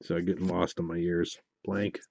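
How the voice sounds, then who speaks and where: Here a man hosts a card break on a live stream, cracking packs and naming each pull while he mutters softly and then bursts out with excitement. He talks at a moderate pace with vocal fry; the highs are cut off and there's a faint hiss or hum.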